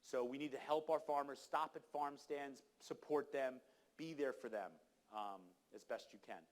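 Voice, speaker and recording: A man's voice: mid-range voice, moderate pace. A man giving an emphatic, exhorting talk at a conference, speaking to the audience directly. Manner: emphatic, exhorting, acts out quoted people. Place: conference hall.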